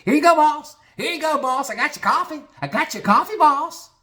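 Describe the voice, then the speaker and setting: Brief: man doing a high, breathless suck-up clerk, groveling and eager to please his boss. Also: animated, brisk, pushed and bright, exaggerated voice. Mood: fawning. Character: fawning, breathless male coworker sucking up to boss.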